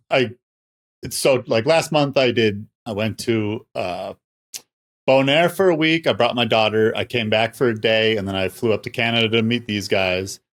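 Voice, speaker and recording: A man in his forties co-hosting a podcast, speaking in a loose, halting casual chat. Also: fairly low pitch, a bit bright. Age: 40s. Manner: loose, halting delivery with fillers. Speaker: podcast co-host.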